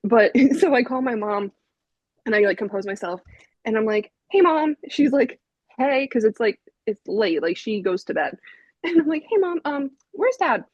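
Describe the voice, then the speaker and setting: A young woman chats on a podcast and tells a story with plenty of energy, laughter and fillers. Her voice sits at a middling pitch. The recording is dry and slightly dull. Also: normal speed, no room sound. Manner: animated, laughing, frequent "like" fillers. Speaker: podcast guest, vinyl collector.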